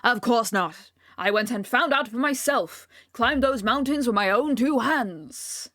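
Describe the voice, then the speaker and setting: A woman's voice: on the high side, animated, unhurried, a bit bright, dry recording, clean studio sound. A woman voicing a pompous old male explorer with a put-on British accent, blustering and grandiose. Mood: indignant. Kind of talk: stream read-along voice acting.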